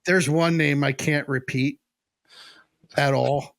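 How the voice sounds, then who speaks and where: A radio host who grew up in New Jersey chats about bands with real enthusiasm. His voice sits slightly high, and the sound is dry and close. He often cuts in with his own stories. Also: fairly even intonation, slow pace, creaky, fairly bright tone, no echo. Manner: enthusiastic storyteller, talks over others. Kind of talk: casual chat.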